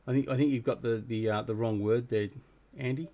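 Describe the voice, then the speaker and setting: A man's voice: medium pitch, fairly even intonation, brisk, mellow. An Australian man chatting casually with viewers while hosting a gaming livestream, greeting people by name and joking about himself. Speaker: livestream host.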